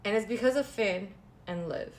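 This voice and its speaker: A woman talking casually and gossipily as a vlogger, animated and repeating phrases for emphasis, with sarcastic asides. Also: medium pitch, normal speed. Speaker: wrestling recap vlogger. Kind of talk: casual chat.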